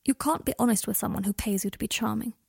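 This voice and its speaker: Draco, a hushed wry young wizard, read by a woman. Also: a little high, quick pace, gravelly, slightly rough, no room sound, studio quality, heavily acted. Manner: soft, hushed, often half-whispered. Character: guarded, wry young wizard man, sharp-tongued. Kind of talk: fan fiction audiobook reading.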